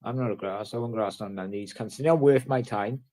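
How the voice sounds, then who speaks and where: Bloke ranting at the camera, swears a lot, dead blunt. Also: male voice, fairly low pitch, a little fast, warm tone. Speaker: vlogger. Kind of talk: casual ranting vlog.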